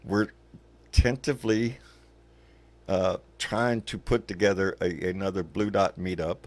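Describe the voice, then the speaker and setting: A man's voice: low-pitched, steady tone, a little slow. An older man hosting a casual livestream chat, rambling and folksy, swearing casually. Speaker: show host.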